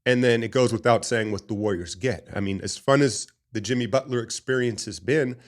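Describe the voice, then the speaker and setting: A man hosting a casual basketball talk show, rambling and opinionated in an animated fan's way. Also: mid-range voice, brisk. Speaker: sports podcast host. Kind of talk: casual sports commentary.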